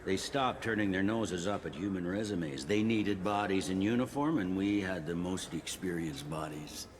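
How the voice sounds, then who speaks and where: A man gives voice to a pragmatic police captain in a video game, his voice deep and low. He talks gruffly and matter-of-factly, with no patience for paperwork. Steady noise sits under the game audio. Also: normal speed, lightly acted. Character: blunt male station police captain, pragmatic.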